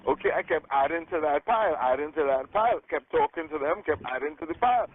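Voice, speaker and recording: A man leading a group call as a sales coach, giving an energetic motivational talk, checking in with "okay?" and acting out phone conversations. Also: a little high, fast, husky. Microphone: telephone. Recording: tinny phone line.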